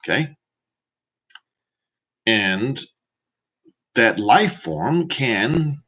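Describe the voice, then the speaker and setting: Slow, emphatic male Bible teacher. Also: medium pitch, sing-song, fairly bright tone, slightly rough. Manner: slow, emphatic, asks the listener rhetorical questions. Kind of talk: preaching Bible commentary.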